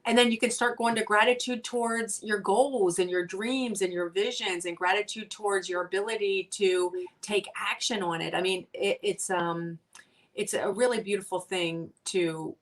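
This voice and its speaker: An earnest woman shares her thoughts in an unhurried, conversational way. She fills pauses with ums and often starts her sentences over. Her voice comes across a bit far from the microphone, as on a video call. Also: mid-range voice, steady tone. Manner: earnest, many ums and restarts. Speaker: guest. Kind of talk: casual conversation.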